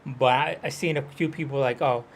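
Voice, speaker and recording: A man's voice: mid-range voice, fairly even intonation, brisk, a little hiss or hum. A man from Hawaii chatting loosely while streaming a game, rambling and full of fillers. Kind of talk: casual chat while gaming.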